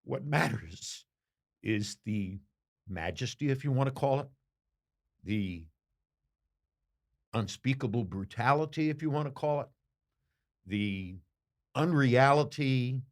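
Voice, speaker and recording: An older man, a boxing commentator, answering interview questions with slow, reflective storytelling and emphatic pauses. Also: mid-range voice, animated.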